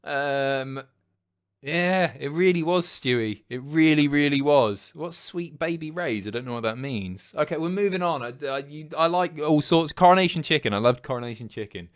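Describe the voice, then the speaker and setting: A man in his thirties hosting a casual livestream, reading chat messages aloud, sweary and rambling, jumping between loud outbursts and mumbles. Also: on the high side, animated, moderate pace, clear, resonant tone.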